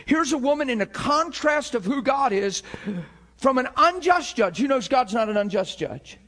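A male pastor delivers a sermon in a strikingly high voice. He rises to shouted cries, then drops to quiet, intimate passages. He often repeats words and restarts his sentences as he goes. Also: animated, normal speed. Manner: preaching with swings from shouts to hushed tones.

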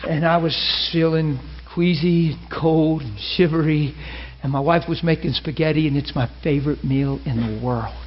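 A man preaching a sermon, telling a personal story and acting out the dialogue with lively feeling. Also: on the high side, normal speed. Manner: animated, acts out dialogue, laughs and cries while telling. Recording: muffled lo-fi recording with faint hiss.

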